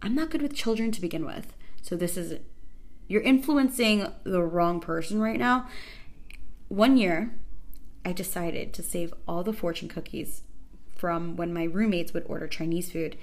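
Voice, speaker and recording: A woman hosting a podcast, telling stories in a casual comedic way, animated and sarcastic, exaggerating for effect. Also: on the low side, measured pace. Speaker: podcast host.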